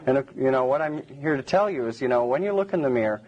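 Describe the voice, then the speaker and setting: Husky-voiced male lecturer, rambling. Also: medium pitch, lively intonation, fast, muffled recording. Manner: rambling and digressive, many restarts. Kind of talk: public lecture to a live audience.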